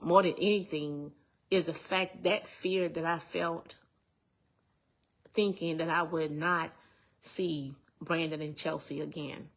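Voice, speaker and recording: A middle-aged woman telling an emotional personal testimony in an earnest, halting way, repeating phrases as she goes. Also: low-pitched, fairly even intonation. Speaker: speaker giving a personal testimony.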